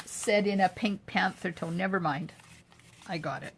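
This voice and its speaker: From her home craft room, an older woman hosts a live craft demo, chatting as she narrates each step and replies to viewer comments. She has a lowish, slightly rough voice and talks at normal speed.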